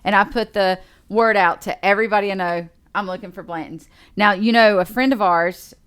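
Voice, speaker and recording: Woman co-host, mid-pitched, chatty storyteller who acts out quotes. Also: brisk, smooth. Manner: animated storyteller acting out quoted dialogue. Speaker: podcast co-host. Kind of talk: casual chat, storytelling.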